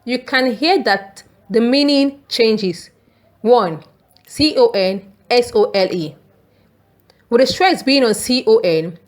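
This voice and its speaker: Slow, careful woman teacher. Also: fairly high pitch, animated. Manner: slow, deliberate, careful enunciation. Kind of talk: scripted lesson reading.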